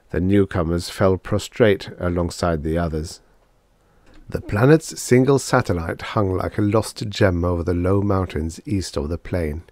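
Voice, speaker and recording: Guy reading old sci-fi aloud, lowish voice, super lively delivery, dead dry sound. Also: no echo. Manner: expressive storytelling. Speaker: audiobook narrator. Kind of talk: scripted narration.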